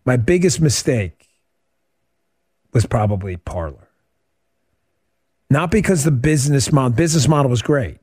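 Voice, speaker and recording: A middle-aged man hosting a radio talk show, chatting casually and answering listener questions as an animated, joking storyteller. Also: mid-range voice, unhurried, pauses often, husky. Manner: animated, joking storyteller who acts out quotes.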